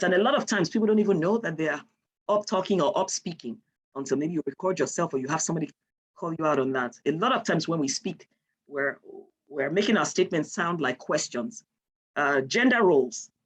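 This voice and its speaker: A woman's voice: sits low, slightly rough. A woman from Nigeria, giving an online lecture and explaining with example sentences.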